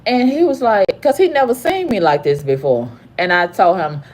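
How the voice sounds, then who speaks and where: A woman's voice: big pitch swings, normal speed, hardly any pauses. Furious woman in her fifties ranting. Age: 50s. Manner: angry, profane, repetitive ranting; swings from low growls to high cries. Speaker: vlogger. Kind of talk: heated storytime monologue.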